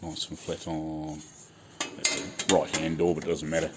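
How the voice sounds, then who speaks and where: A man's voice: extremely low pitch, monotone, normal speed, heavy background noise. A man, easygoing, explaining his body work as he does it in his home garage. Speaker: car restorer. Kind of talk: casual workshop commentary.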